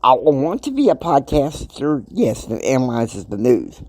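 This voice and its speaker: A man in his fifties delivers a motivational podcast monologue with a lively, swooping pitch. He talks emphatically and preachily, dropping into quiet asides, then bursting out loud. The sound is dry and close, with no room in it. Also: measured pace, no echo. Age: 50s. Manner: emphatic, preachy, swings between soft asides and loud outbursts. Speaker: podcast host.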